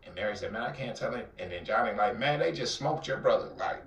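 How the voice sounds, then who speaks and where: A man with an Atlanta accent telling a dramatic personal story in an interview, acting out the voices and swinging between loud outbursts and near-whispers. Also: lowish voice, animated, quick pace, lo-fi sound. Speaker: guest telling his life story. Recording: roomy, somewhat distant mic.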